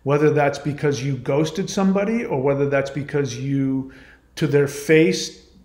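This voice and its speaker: A man's voice: medium pitch, measured pace, darkish tone. Emphatic man in an echoey room. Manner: emphatic, argumentative, repeats points. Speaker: channel host. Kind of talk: monologue responding to a viewer comment.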